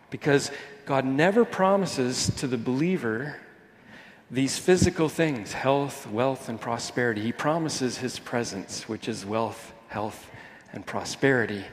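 A man preaching a Sunday sermon in a church, talking conversationally with jokey asides and restarts. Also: a little high. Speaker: pastor. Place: church hall during a Sunday morning service. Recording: long hall reverb.

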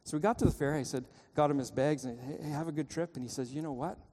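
At a quick pace, a pastor tells a story from the pulpit and pleads urgently with the congregation. His voice is fairly high but mellow, alternating dramatically between loud and quiet stretches, while a long sanctuary reverb trails behind him.

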